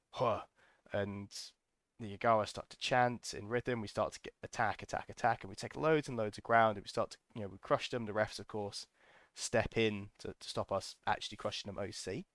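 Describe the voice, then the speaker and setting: A man's voice: lowish voice, a little fast, fairly bright tone, dry recording, clean studio sound. A man hosting a podcast, telling a casual, enthusiastic story full of ums and restarts. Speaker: podcast host.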